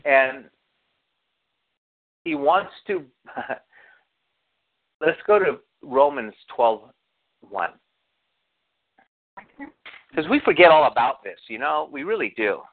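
A man's voice: medium pitch, big pitch swings, takes it slowly, long pauses. A man preaching a sermon as pastor, telling stories and acting out quotes while asking the congregation questions. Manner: storytelling, acts out quotes, asks the congregation questions. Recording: tinny phone-like sound.

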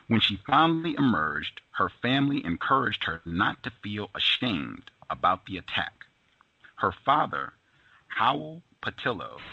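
A man reads a book passage aloud on a talk show. He has a gravelly, husky voice with a lively, rising and falling pitch and frequent "uh" fillers. The recording sounds dull and lo-fi. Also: dry recording. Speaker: host.

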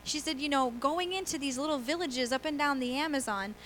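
Speaking briskly, a middle-aged female pastor gives a chatty sermon at church, her high, bright voice weaving in stories, laughs and acted-out quotes. The low-quality recording has a faint hum in the background.

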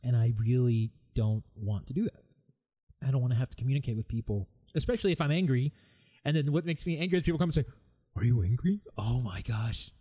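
A man's voice: mid-range voice, quick pace, mellow. A man hosting his own podcast, talking candidly and with exasperation about stress, sometimes mimicking other people. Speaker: podcast host. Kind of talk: solo podcast monologue.

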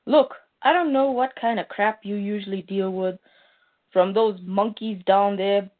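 A woman's voice: medium pitch, a little slow, lightly acted. A woman voicing a brash, swaggering alien male mercenary as she reads a comic aloud. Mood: taunting. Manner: read aloud plainly from a comic. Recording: tinny phone-like sound.

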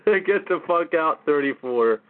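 A man's voice: on the high side, animated, slow pace, a little hiss or hum. A man hosting a casual call-in show, exasperated and mocking, swearing often. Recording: tinny phone-line audio.

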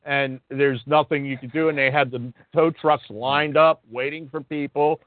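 A man's voice: on the high side, steady tone, moderate pace, no room sound. A man co-hosting a casual talk radio show, ranting with indignation and swearing now and then. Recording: dry, tinny phone-like sound.

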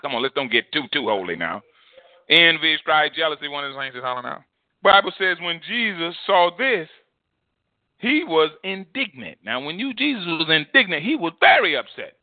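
High-voiced preacher, tinny and dry. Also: male voice, very animated, a little fast, no echo. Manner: emphatic preaching, repeats words, swings loud and soft. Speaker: pastor. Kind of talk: sermon. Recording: dry phone-like audio.

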